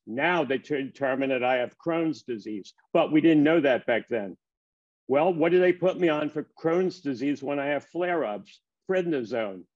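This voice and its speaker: An older man in his seventies tells stories from his own life, slipping into the voices of the people in them. His voice sits a little high for a man, and the recording is dull and lo-fi. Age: 70s. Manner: lively anecdotal delivery, acting out dialogue. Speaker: keynote speaker. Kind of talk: storytelling talk. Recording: dull lo-fi sound.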